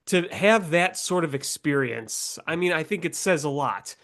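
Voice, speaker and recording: A man with a stuffed-up, nasal voice from a cold co-hosts a casual sports podcast. He talks a little high and rambles through player stats. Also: lively intonation, normal speed, a bit bright. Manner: rambling stats-heavy analysis. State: congested from a cold. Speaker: podcast co-host.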